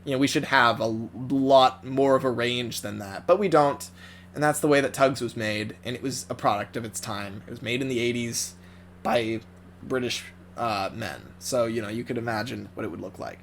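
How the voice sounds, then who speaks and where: A man's voice: medium pitch, normal speed, a bit bright, a little hiss or hum. A man giving casual, rambling commentary on a cartoon dub, full of restarts and little laughs.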